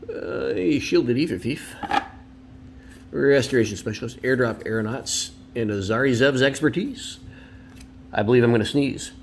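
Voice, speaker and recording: A man's voice: mid-range voice, moderate pace, creaky. Guy opening card packs at home, chatty, opinionated, rambles a lot, faint hiss. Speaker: card collector and video host. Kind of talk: casual card-opening commentary.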